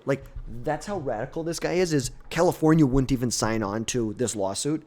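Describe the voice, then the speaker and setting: A man's voice: medium pitch, fairly quick, mellow. A young man giving blunt, opinionated political commentary in a casual, off-the-cuff way, often trailing off and restarting.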